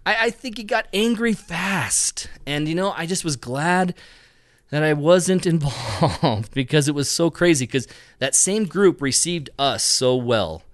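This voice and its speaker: A man's voice: a little high, animated, a little slow. Guy telling a story on a podcast, voice jumps all over the place, does the other people's lines. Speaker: photography group leader telling a story.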